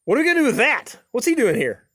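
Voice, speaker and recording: A fussy, hot-tempered duck hunter rants and frets in a squeaky voice pitched far above ordinary speech, as a man puts him on. The sound is dry and close, with no room around it. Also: wildly swooping pitch, very fast, fairly bright tone, husky, no room sound, full character voice. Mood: alarmed. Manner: high-pitched ranting and fretting.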